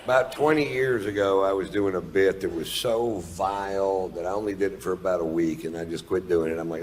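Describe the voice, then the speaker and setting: A man's voice: low-pitched, a little fast, few pauses, slight background noise. A man telling a long stand-up story in a laid-back, profane, drawling way. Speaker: stand-up comedian. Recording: played stand-up clip.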